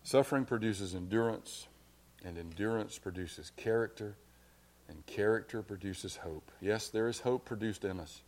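A man preaching a sermon as pastor, his delivery swelling from hushed to loud. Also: fairly low pitch, normal speed.

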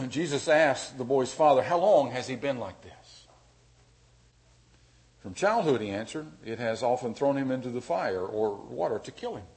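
A man preaching a sermon as pastor, dynamic, dropping to a hush and then rising loud and emphatic. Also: medium pitch, lively intonation, normal speed.

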